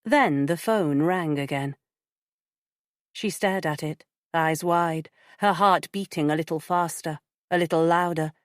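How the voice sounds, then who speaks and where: A woman narrates a thriller audiobook in a measured, even way. Her voice sits slightly low and is recorded close and dry, with no room sound. She reads at a steady pace. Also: no echo. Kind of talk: scripted narration.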